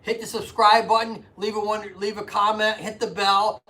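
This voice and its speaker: A man's voice: high-pitched, little pitch movement, normal speed, sharp tone. Chatty man with a raised voice. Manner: chatty, greets viewers by name, rambling asides. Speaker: physical therapist and live streamer. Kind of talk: casual live stream chat and anatomy explanation. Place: indoors at home.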